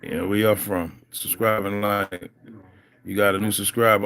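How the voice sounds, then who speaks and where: Deep-voiced Philly man chatting on a livestream. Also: fairly even intonation, normal speed, a bit bright. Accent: Philadelphia. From Philadelphia. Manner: loose, rambling, talks straight to viewers. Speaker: livestream host. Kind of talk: casual livestream chat.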